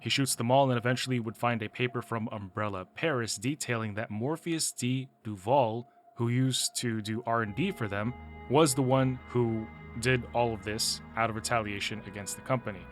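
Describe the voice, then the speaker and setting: A man recaps a video game story in a loose, chatty way and is quick with opinions and laughs. His voice sits at a middle pitch, with faint music underneath. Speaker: gaming video host. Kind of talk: casual story recap commentary.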